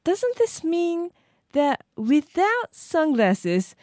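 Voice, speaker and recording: A woman's voice: very high voice, sing-song, drawn-out words, darkish tone, dry recording, clean studio sound. A woman co-hosting a language lesson podcast, playful and teasing, giggling as she talks. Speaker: co-host.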